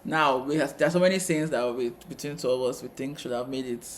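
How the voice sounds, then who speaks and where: A man co-hosting a casual TV review chat, retelling scenes with quick asides. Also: medium pitch, slight background noise. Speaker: co-host of a TV review channel.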